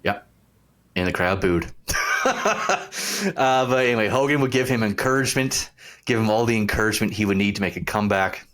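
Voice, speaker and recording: Deep-voiced man on a wrestling podcast. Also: expressive, normal speed, fairly bright tone. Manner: jokey, playful storytelling. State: mouth burning from hot snacks. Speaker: podcast co-host. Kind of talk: casual podcast chat and recap.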